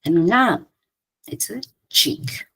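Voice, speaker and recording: A woman with a Khasi accent giving an academic linguistics presentation, halting with many fillers and frequent throat-clearing. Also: medium pitch, sing-song, bright, forceful tone, poor audio.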